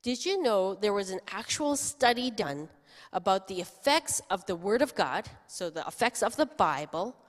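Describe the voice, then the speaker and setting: Animated woman pastor telling children a story. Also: mid-range voice, moderate pace. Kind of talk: children's sermon. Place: church sanctuary. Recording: long church reverb.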